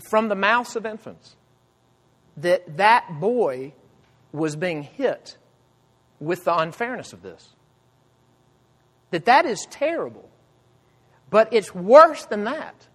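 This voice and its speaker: A man preaching a sermon with earnest emphasis, swinging between loud cries and hushed low phrases. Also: very animated, slow pace, long pauses, big-room sound. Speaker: pastor.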